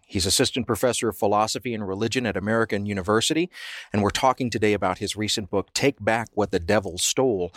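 A man hosting an interview show, asking long, carefully framed questions in a measured, articulate way from a studio. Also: on the low side, fairly bright tone, no echo. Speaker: radio show host. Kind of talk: interviewing a guest.

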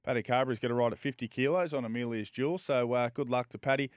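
A man's voice: mid-range voice, fast talker, clear, resonant tone, dry recording, clean studio sound. An Australian man on a live racing radio show, reading out the runners and prices with casual banter. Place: radio studio.

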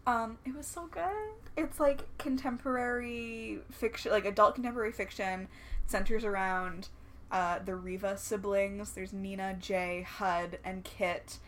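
Young woman, bright tense voice, playful chatty podcast cohost, lots of ums, faint noise. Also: medium pitch, steady tone, unhurried. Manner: playful, chatty, many "um" fillers. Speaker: podcast co-host. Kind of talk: casual chat.

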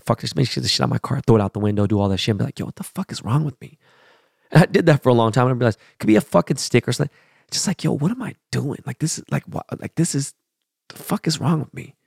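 A middle-aged man hosting a podcast, talking bluntly and profanely in a casual monologue that swings between loud and soft. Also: medium pitch, vocal fry, dry recording, clean studio sound. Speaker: podcast host.

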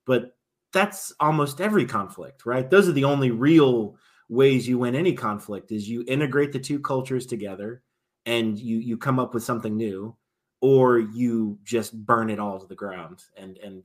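A man's voice: medium pitch, moderate pace. A man, a military veteran, talking casually as a podcast guest, often restarting his sentences and swinging between emphatic and trailing-off delivery.

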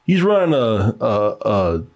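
A man's voice: on the low side, very animated, slow, darkish tone. A man co-hosting a casual movie-reaction chat, talking in loose, laughing, profane banter. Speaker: co-host reacting to film clips.

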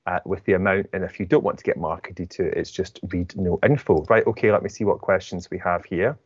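A man's voice: low-pitched, a little fast, few pauses, dry recording, dull audio. A man hosting an event, gushing as he introduces guests and reads out donation details. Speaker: host. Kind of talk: hosting a charity book event.

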